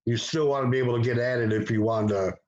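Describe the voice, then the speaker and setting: A man hosting a live video call chat, quickly agreeing and filling in with a friendly back-and-forth. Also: medium pitch, fairly even intonation, darkish tone, lo-fi sound, slight background noise. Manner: quick, affirming interjections. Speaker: host. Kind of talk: casual chat. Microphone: video call mic.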